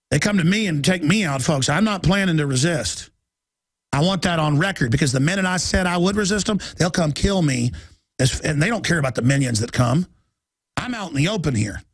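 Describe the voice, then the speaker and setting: A man hosting a radio show, delivering an urgent, agitated monologue, rapidly reading headlines aloud and rising to shouts. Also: high-pitched, no room sound. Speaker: radio host.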